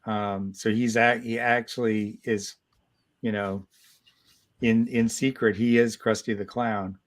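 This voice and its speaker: A man in his sixties, a guest comic artist, telling stories in a casual interview, animated and full of restarts. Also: lowish voice, slow pace. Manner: animated storyteller, many restarts.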